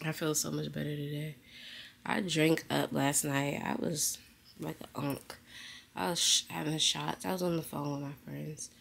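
A young woman vlogging in a relaxed, slangy, chatty way. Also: deep voice, normal speed, gravelly, slight background noise. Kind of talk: casual vlog chat.

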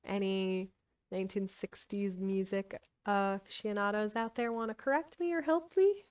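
A woman's voice: medium pitch, moderate pace, darkish tone, clear, resonant tone, far from the mic. Woman, live-streamed book reading, chatty asides, narrating a storybook, voice a bit off the mic. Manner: chatty, laughs often. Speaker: streamer reading a novel aloud.

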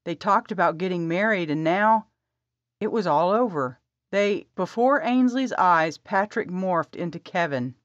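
A woman narrating an audiobook in a calm, measured reading. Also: on the low side, no room sound. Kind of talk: scripted narration. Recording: dry, slightly dull audio.

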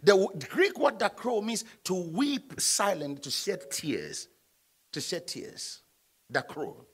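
A man, a pastor, preaching a midweek sermon in church, calling on the congregation to answer and bursting into shouts. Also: high voice, big pitch swings, takes it slowly, slightly rough. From Nigeria. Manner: preaching with sudden shouts and call-and-response.

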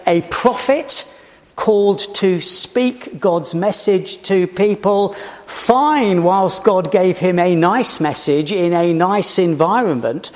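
A British man with a high-sitting voice preaches a sermon in a reverberant church hall, telling the story in a measured way and asking rhetorical questions.

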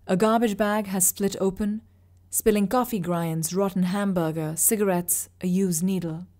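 A woman narrating fiction with a steady, vivid delivery. Her voice sits at a middle pitch for a woman. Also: moderate pace. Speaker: reader. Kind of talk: audiobook narration.

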